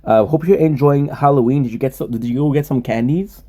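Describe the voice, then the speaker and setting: A man with a mid-pitched, mellow, warm voice riffs loosely in casual chat. He jokes constantly and swears freely. His talk rambles from one bit to the next. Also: a little fast. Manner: joking, profane, rambling banter. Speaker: streamer.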